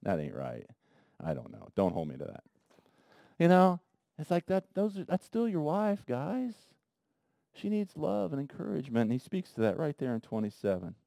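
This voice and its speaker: Male preacher, fairly high and very animated, chatty sermon delivery with hushed asides and loud stresses, dry sound. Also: normal speed, gravelly, dry recording. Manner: animated, swings between soft asides and loud emphasis; conversational, addresses men in the congregation directly. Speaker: pastor.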